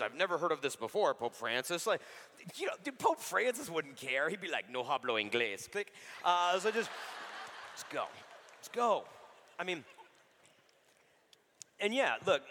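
A man's voice: a little high, pushed and bright. A man in his thirties giving a casual, joking sermon-style talk, saying dude a lot as he speaks about faith. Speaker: Catholic speaker. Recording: reverberant hall.

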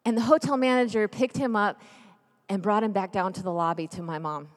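A woman's voice: mid-range voice, fairly quick. A woman in her thirties telling a family story as part of a sermon, chatty and jokey, turning earnest. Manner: lively, chatty, jokey, then earnest and hushed. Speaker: speaker at a church gathering. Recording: long reverb of a large hall.

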